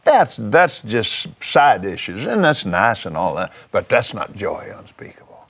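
This TV host's voice is lowish and husky, moving at a measured pace. While chatting he preaches like he's giving testimony, fervent and full of exclamations that leap up suddenly with excitement.

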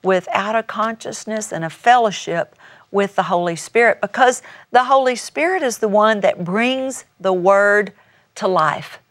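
A woman's voice: mid-range voice, measured pace, no room sound, studio quality. Older woman teaching the Bible on television. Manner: folksy, warm-hearted teaching with scripture references. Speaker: TV minister.

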